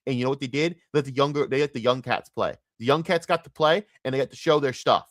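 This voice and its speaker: A man hosting a podcast, delivering a heated, profane sports rant that swings between loud outbursts and low mutters. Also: quick pace, no room sound, studio quality. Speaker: podcast host.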